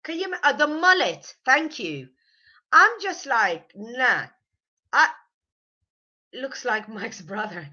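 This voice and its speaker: A woman with a mild cold gives a chatty, opinionated review of a reality show, quick to make fun of it. Her voice runs high with big pitch swings and a bright, forceful tone, though the audio sounds dull.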